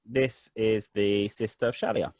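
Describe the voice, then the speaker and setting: Low-voiced guy running a tabletop game, rambly, lots of ums, dry close sound. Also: steady tone, unhurried, a little mellow, no room sound. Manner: rambling, many fillers and restarts. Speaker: game master.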